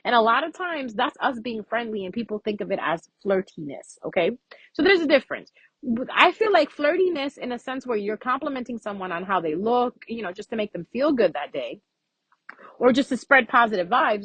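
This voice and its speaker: Woman, astrology vlogger, casual and profane, husky voice, dry close sound. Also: fairly high pitch, very animated, a little fast, a bit bright, no room sound, poor audio. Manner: frank, profane, chatty. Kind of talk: casual spoken astrology reading.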